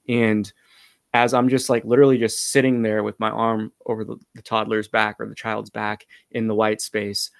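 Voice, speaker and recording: A man earnestly recounting a personal breathwork experience, halting and full of fillers. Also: lowish voice, flat delivery, vocal fry, dry recording. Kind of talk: personal storytelling.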